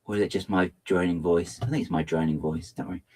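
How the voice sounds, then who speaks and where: Speaking quickly in a slightly rough voice, a man keeps up casual livestream chat while building. He's playful and self-mocking, lively in manner, and he swings theatrically into a high register.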